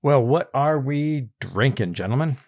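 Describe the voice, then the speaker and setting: A man hosting a casual podcast chat, relaxed and chuckling often. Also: medium pitch, measured pace, dry recording, studio quality. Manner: relaxed, chuckling, reads tasting notes. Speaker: podcast host.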